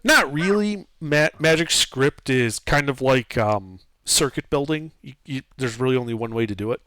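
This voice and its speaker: A man narrating a tabletop game as game master, describing scenes in a halting way with fillers. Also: mid-range voice, expressive, fairly bright tone. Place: streamed online session.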